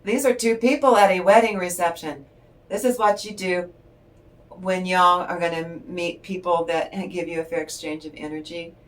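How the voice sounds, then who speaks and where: A woman's voice: fairly low pitch, fairly even intonation, moderate pace. An older woman giving a tarot reading in a chatty, rambling storytelling way, laughing often. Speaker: tarot reader. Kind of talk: casual spiritual chat and storytelling. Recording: voice distant from the mic.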